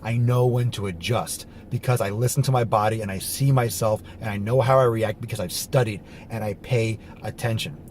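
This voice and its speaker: A man talking to camera while driving, blunt and profane, and animated as he explains his ideas. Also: lowish voice, normal speed, hardly any pauses. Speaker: fitness vlogger. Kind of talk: casual monologue while driving. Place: inside a car. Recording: faint car noise behind.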